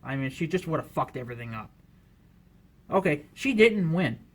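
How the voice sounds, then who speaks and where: A man's voice: fairly high pitch, big pitch swings, moderate pace. A man vlogging an angry political rant to camera, swearing constantly, talking in a heated way and leaning on "you know" as filler.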